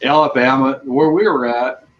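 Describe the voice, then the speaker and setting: A man's voice: medium pitch, normal speed, faint music behind. A man from Michigan's Upper Peninsula hosting a casual chat, telling easygoing stories with repeated phrases. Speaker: host. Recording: dull lo-fi audio.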